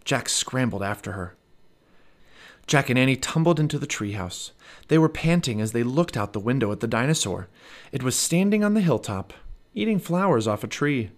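A man narrating a children's storybook aloud as a parent, with an expressive read-aloud delivery. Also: mid-range voice, moderate pace.

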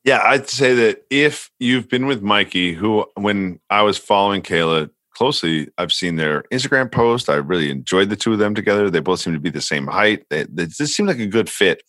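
A man's voice: lowish voice, expressive, normal speed, hardly any pauses, a bit bright, dry recording. A man co-hosting a podcast in casual chat, joking in a wry way. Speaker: podcast co-host.

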